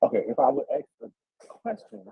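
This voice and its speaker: A man's voice: medium pitch, very animated, brisk, gravelly, breathy edge, no echo, phone-quality sound. A man hosting a casual livestream interview, speaking hesitantly with many fillers and encouraging his guest.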